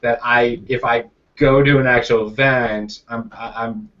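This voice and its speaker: A man's voice: mid-range voice, steady tone, measured pace. A man hosting a group video call as a coach, talking loosely with many restarts and fillers. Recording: distant, dull lo-fi sound.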